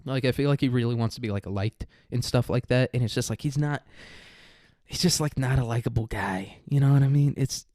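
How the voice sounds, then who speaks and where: A man's voice: mid-range voice, brisk, a little mellow, no room sound. A man hosting a casual commentary podcast, ranting with profane sarcasm and laughing at his own jokes. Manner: profane, sarcastic, mocking mimicry.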